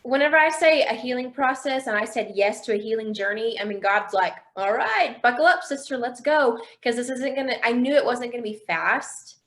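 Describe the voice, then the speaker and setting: Young woman, guest, telling her testimony with acted-out quotes, voice on the higher side. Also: brisk, hardly any pauses. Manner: expressive storyteller, acts out quoted dialogue. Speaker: interview guest. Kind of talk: conversational faith testimony.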